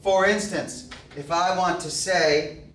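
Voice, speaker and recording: A man with a high, fairly bright voice and fairly even intonation teaches a Spanish grammar lesson slowly, explaining step by step with patient fillers. This recorded classroom lecture sounds echoey, with his voice far from the mic and a faint hiss.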